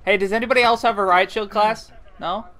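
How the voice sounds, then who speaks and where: High-voiced gamer organizing his team. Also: steady tone, a little fast, fairly bright tone. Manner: planning, calls roll, laughs easily. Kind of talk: gaming party chat.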